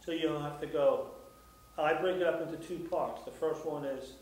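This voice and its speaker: Male guitar teacher, slightly high voice, heard from across a very echoey room with guitar underneath. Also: moderate pace. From United States. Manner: relaxed explaining with many fillers, scats rhythms aloud. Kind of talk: instructional guitar lesson. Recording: echoey room, mic at a distance, guitar playing.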